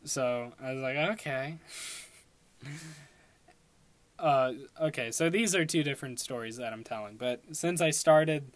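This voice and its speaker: A young man with a medium-pitched voice tells a rambling personal story at a measured pace, with no echo. He's casual, laughing at himself and breaking off to correct his own track.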